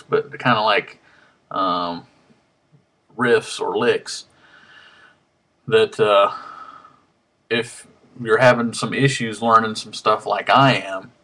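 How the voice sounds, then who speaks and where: A man's voice: fairly low pitch, sharp tone. A man, rambling through a casual webcam vlog at home with lots of ums and restarts, a little out of breath. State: slightly out of breath. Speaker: harmonica hobbyist vlogger. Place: home room. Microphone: webcam mic.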